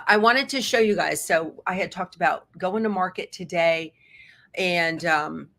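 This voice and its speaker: A friendly woman talks to viewers at ease during a live sewing stream in her own sewing room. Her voice stays bright and bubbly as she chats along, and she laughs often. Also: mid-range voice. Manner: chatty, upbeat, laughs often. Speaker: host of a sewing livestream. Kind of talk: casual live-stream chat.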